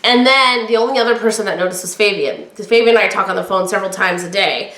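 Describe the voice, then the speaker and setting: Podcast host, middle-aged woman, loud projecting voice, candid chatty storytelling, room echo. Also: medium pitch, quick pace. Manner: candid, chatty, quotes others in lively voices. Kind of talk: personal storytelling.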